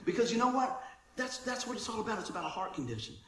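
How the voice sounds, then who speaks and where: A man's voice: extremely high pitch, very animated, fast, slight background noise. A man preaching a sermon in a church, casual and chatty, calling listeners man and bro. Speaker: pastor. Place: church sanctuary. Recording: roomy church echo.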